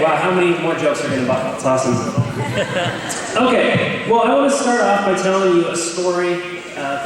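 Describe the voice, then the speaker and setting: A man's voice: a little high, a little hiss or hum. A young man giving a joking, candid chapel talk, telling stories about himself to a crowd. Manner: joking, candid and self-deprecating. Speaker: chapel speaker. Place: large chapel hall. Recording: echoey hall, speaker far from mic.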